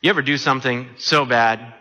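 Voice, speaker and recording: A man preaching a sermon, animated and often asking his listeners questions. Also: mid-range voice, a little fast. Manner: animated, asks the congregation questions. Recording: long hall reverb.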